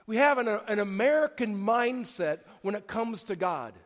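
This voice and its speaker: An animated preacher in an echoing hall: the pastor's sermon in this church sanctuary carries a long reverb. He's a man with a high-pitched voice and a moderate pace, telling stories and repeatedly restarting.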